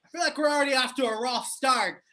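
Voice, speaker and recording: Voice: high-pitched, quick pace. A performer playing Seth, a hyper male alien from another planet who hypes up boy bands and keeps a pet snake, talking brashly and swearing in a live improv comedy sketch. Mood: defensive. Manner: brash, shouty, swears, calls people man and bro. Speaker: interview guest in an improv sketch.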